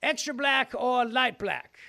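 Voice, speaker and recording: A man's voice: very high voice, expressive, slow pace, creaky, pushed and bright, pitched above the performer's own voice, full character voice. A man putting on a pompous Southern US governor voice in a hammy drawl for a radio bit. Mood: boastful.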